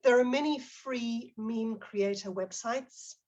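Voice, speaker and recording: A woman's voice: fairly high pitch, takes it slowly, darkish tone, lo-fi sound. A middle-aged woman presenting a teacher-training webinar, explaining examples and reading out participants' chat comments.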